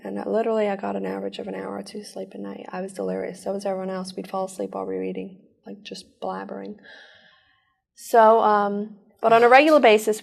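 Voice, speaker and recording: A woman giving an earnest personal account in an interview, telling it in rushed bursts. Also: medium pitch, creaky, a little mellow, breathy edge. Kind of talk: personal testimony.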